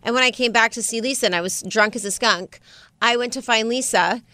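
A woman co-hosting a casual chat show, expressive with quick reactions. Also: a little high, no room sound. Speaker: co-host.

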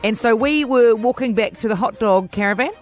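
A woman, a podcast host telling an animated story in casual chat and acting out her own quotes. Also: a little fast, soft background music. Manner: lively, acts out her own quotes in a higher voice.

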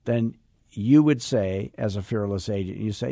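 A man's voice: on the low side, moderate pace, gravelly, no echo, clean studio sound. A man coaching real estate agents in a podcast lesson, acting out sales dialogues and drilling lines in emphatic repetition. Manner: animated, acts out sales dialogues.

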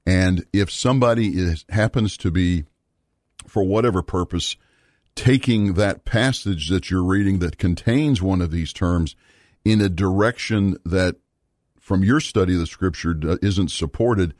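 A man teaching a Bible study series in an earnest, measured way, pausing with fillers and repeating words for emphasis. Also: sits low, darkish tone, no room sound, studio quality.

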